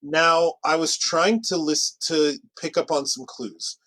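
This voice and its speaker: A man co-hosting a podcast in casual chat, rambling along with restarts and quick asides. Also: on the high side, fairly even intonation, pushed and bright, no room sound, low-quality recording. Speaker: podcast co-host.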